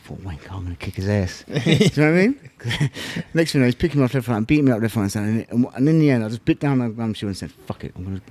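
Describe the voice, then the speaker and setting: A man talks quickly and bluntly as a podcast guest, his words tumbling out at a rapid clip. He tells his story in casual slang and swears freely, his pitch sitting in a middle range. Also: animated, darkish tone, no room sound. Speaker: podcast guest, former kickboxing champion. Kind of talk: casual interview talk.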